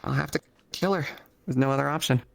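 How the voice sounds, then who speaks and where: A man talking casually as an interview guest. He delivers crude jokes in a flat, deadpan way. His pitch sits right in the middle. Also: quick pace, gravelly, background noise. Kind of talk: casual chat.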